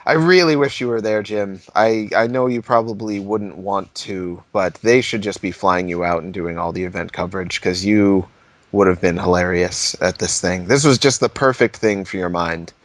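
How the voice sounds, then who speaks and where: Low-voiced rambling storyteller man. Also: normal speed, no echo. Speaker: podcast co-host. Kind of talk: casual chat. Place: at home.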